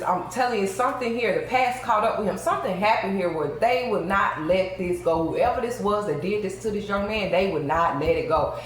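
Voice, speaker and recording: A woman's voice: fairly low pitch, a little hiss or hum. A woman giving a tarot reading to her viewers, talking emphatically and addressing them directly. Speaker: tarot reader. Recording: very echoey room.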